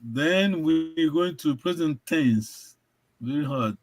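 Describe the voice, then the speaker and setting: A man's voice: a little high, takes it slowly, poor audio. A man teaching a language over a video call, encouraging and repetitive, often laughing. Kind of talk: online language lesson.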